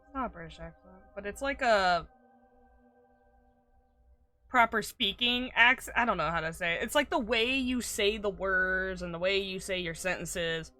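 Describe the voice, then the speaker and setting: Bright, excitable woman streaming a game. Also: medium pitch, normal speed, soft background music. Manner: excitable, swearing, bursts into shouts and laughter. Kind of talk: live game stream commentary.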